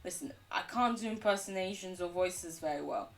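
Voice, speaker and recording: An English woman chatting casually while streaming a game, animated, laughing often and swearing freely. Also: lowish voice, normal speed, distant mic, slight background noise. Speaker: livestreamer. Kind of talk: casual chat while gaming.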